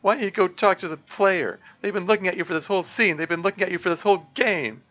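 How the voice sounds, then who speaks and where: A man's voice: high voice, animated, measured pace, highs cut off, voice pushed up, full character voice. A man voicing despairing teenage girl Sayori. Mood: bitter. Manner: tearful, sharp outbursts. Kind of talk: reading a visual novel aloud.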